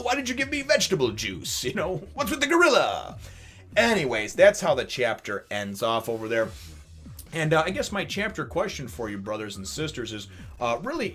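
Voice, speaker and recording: A man casually reviewing a comic chapter, animated and rambling, often laughing as he retells it. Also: lowish voice. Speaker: manga review channel host.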